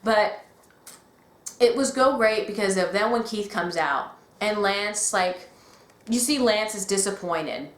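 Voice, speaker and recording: An excitable woman gushes through a casual fan chat. Her voice sits at a middling pitch and echoes around a roomy space. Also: measured pace, pauses often. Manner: excitable, gushing, often acts out quotes. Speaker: podcast co-host.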